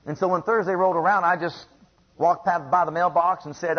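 Husky-voiced male preacher, emphatic sermon. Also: sits high, fairly even intonation, fairly quick. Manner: emphatic and repetitive, asks the congregation questions. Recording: dull lo-fi recording.

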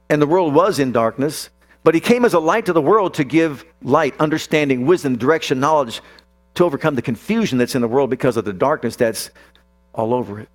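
A male pastor preaching with force. His voice sits a bit high. He stretches key phrases slowly, then drops low and quiet before rising again. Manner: emphatic preaching, drawn-out declarations, sudden drops and rises. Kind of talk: sermon.

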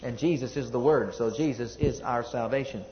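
A man's voice: mid-range voice, moderate pace. A man preaching a sermon, reading scripture and repeating points emphatically, asking the congregation to respond. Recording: dull lo-fi recording.

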